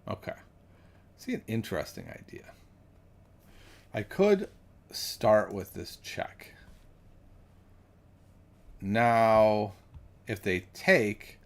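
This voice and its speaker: A man's voice: fairly low pitch, creaky. A man thinking aloud as he solves chess puzzles, musing and correcting himself, then chatting with viewers. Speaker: chess streamer.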